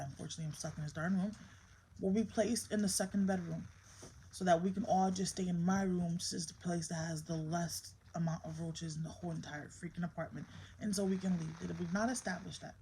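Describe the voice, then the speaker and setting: A woman's voice: on the low side, a little mellow, rough recording. A woman in her thirties talks straight to the camera in a candid home vlog. Her delivery is stern and emphatic, and she sounds emotionally strained. A faint hum of household ambience sits behind her voice. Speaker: mother and vlogger.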